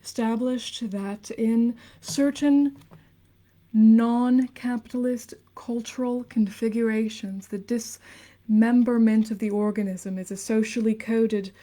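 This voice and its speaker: Mellow young woman reading theory aloud. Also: fairly high pitch, fairly even intonation, slow pace. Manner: soft and earnest, slipping into hushed, casual asides. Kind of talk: late-night reading of theory.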